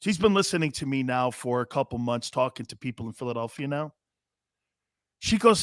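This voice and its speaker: A man hosting a sports talk show, telling stories in a loose, animated way with frequent laughter and some cursing. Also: medium pitch, fairly quick, no room sound, studio quality. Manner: animated storyteller, laughs often, curses. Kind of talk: casual sports radio chat.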